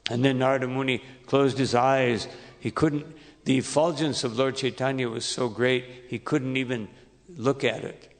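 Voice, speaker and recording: A man giving an unhurried, halting sermon as a monk, with many pauses and fillers. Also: mid-range voice, fairly even intonation. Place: temple hall. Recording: long reverb in temple hall.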